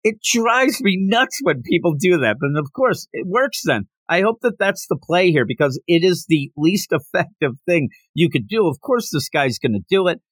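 A man's voice: sits high, sing-song, moderate pace, hardly any pauses, dry recording. A man hosting a podcast, casually recapping a manga chapter and briefly acting out the characters' lines and sound effects. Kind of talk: casual recap with quick voiced quotes.

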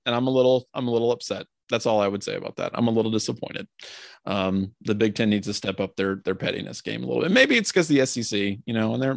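A man's voice: lowish voice, no echo. Male podcast host, chatty and wry, dry close-miked sound. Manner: chatty, joking, rambling with many fillers. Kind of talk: casual sports podcast chat.

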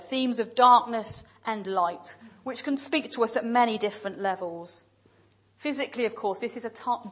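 A woman preaching a sermon in a church, speaking in measured, emphatic lists with pauses. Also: medium pitch, rough recording.

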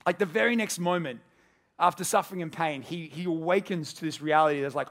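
A pastor preaches to his congregation in an earnest, storytelling way. His voice sits a little on the high side and he slips into the voices of the people in his story. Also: a little fast, fairly bright tone. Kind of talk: sermon. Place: church service with a congregation.

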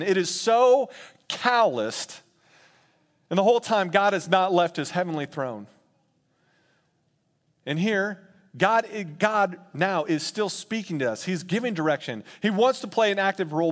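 A man preaching a sermon in an animated, laughing way, acting out quotes in playful voices. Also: high voice, moderate pace. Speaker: pastor.

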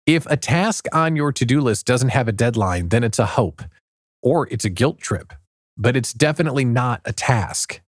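Man, podcast host, conversational, asks questions, mid-pitch, dry sound. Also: expressive, moderate pace, no room sound. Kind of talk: podcast interview.

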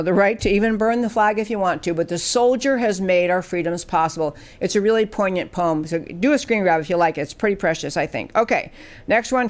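A woman hosting a political talk show, speaking emphatically and asking rhetorical questions. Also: mid-range voice. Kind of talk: political commentary.

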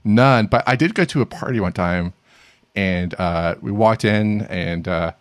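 A man's voice: lowish voice, measured pace, dry recording. A middle-aged man co-hosting a casual tech news chat, rambling with many fillers and restarts. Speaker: podcast co-host.

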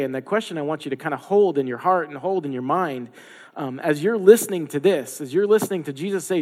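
A pastor with a slightly high, somewhat mellow voice delivers a conversational sermon. He slips into the voices of the people he quotes and adds playful asides, all with a long hall reverb.

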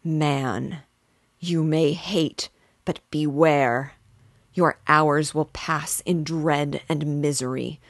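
A woman voicing a wretched, vengeful male creature, speaking slowly and with weighty menace. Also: low-pitched, dry recording, studio quality.

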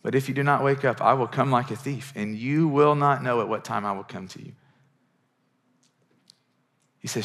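A middle-aged man preaching to his congregation in a church, his voice sitting at an ordinary middle pitch. He talks in an earnest, conversational way, often restarting and repeating words as he builds toward a point. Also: normal speed, long pauses, fairly bright tone. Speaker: pastor. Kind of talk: sermon.

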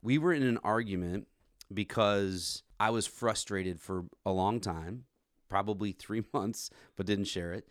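A man's voice: on the low side, no echo, clean studio sound. A man in his forties hosting a podcast, telling a candid story about his marriage in a self-deprecating way. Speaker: podcast host. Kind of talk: candid conversation.

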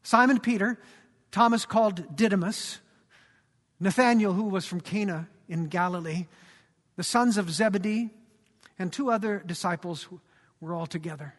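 High-voiced male preacher in a reverberant hall. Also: moderate pace, pauses often. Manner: dramatic storytelling, rhetorical questions. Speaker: pastor. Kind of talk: sermon.

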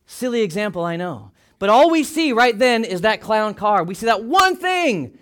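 A man preaching a sermon as a pastor, animated, swinging from loud excited bursts to hushed asides. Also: high voice, normal speed, clear, resonant tone.

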